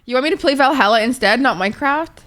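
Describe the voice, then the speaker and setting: A woman hosting a live stream in a loose, rambling way, answering viewers' messages one after another. Her voice sits a bit high for a woman, and she talks laid-back, packing in filler "likes" and the odd curse word. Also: lively intonation, fast, fairly bright tone. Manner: rambling and laid-back, heavy on "like", swears freely; reads out and answers chat messages. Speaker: Twitch streamer. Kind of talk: casual chat with stream viewers.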